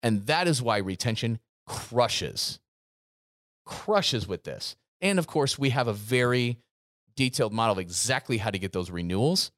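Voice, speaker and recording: A man's voice: mid-range voice, animated, normal speed, fairly bright tone, no echo, studio quality. A man co-hosting a podcast, talking earnestly and emphatically about coaching gym owners, often repeating himself. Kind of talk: casual podcast chat.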